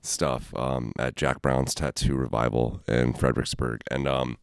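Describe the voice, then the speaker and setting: A man hosting an interview, telling stories in a loose, profane, animated way. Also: very deep voice, measured pace, creaky, smooth, dry recording, studio quality. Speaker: interview host. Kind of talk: casual conversation.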